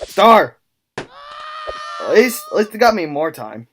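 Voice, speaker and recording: Excitable male gamer with lively pitch. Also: a little hiss or hum. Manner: excitable, rambling, quick to laugh. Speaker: YouTube gamer. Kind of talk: casual gameplay commentary.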